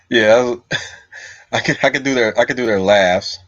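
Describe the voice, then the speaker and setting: Chatting casually on his livestream, this host reads the chat and wanders through replies to viewer comments, thinking out loud. His mid-range voice has a fairly bright tone, and the dry recording from a slightly dull lo-fi mic carries no room sound.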